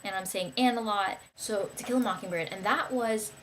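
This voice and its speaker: Speaking at a moderate pace in a medium pitch, a young vlogger chats to camera about books she liked. She's enthusiastic and rambling, with lots of fillers and false starts, and a bit of background noise is present.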